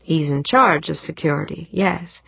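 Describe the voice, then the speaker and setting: A woman voicing a tired, cautious male official who speaks crankily and in a measured way. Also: sits low, creaky, breathy edge, no room sound, exaggerated voice. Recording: dull muffled audiobook recording.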